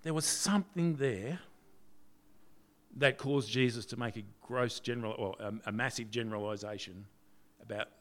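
A man preaching a conversational sermon, leaning on rhetorical questions and swinging between loud and soft. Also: mid-range voice, normal speed.

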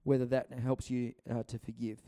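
Chatty preacher, mellow voice. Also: male voice, medium pitch, level tone, normal speed. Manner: chatty, acts out quotes, many restarts. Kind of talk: conversational sermon.

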